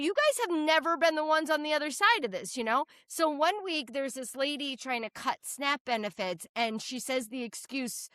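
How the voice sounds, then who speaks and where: A woman from New Hampshire, a state legislator, telling stories in a blunt, profane, animated way during a casual podcast chat. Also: sits high, normal speed, few pauses, dry recording, studio quality. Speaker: state representative guest.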